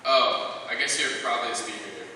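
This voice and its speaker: A man's voice: medium pitch, a little fast, sharp tone. A man playing an awkward slacker teen boy who mumbles his wishes through ums and likes in a church youth skit. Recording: echoey church hall, distant mic, noisy.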